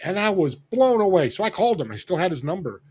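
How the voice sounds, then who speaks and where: A man in his sixties from Northern California, a podcast guest telling a story in an animated way and acting out the people he quotes. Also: high-pitched, fast talker, slightly rough. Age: 60s. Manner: animated, acts out quoted dialogue. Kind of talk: casual storytelling.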